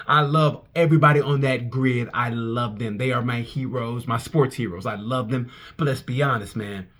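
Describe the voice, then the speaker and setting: A man, a comedian, reviewing a motorcycle race in a casual, animated monologue full of restarts and profanity. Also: mid-range voice, husky.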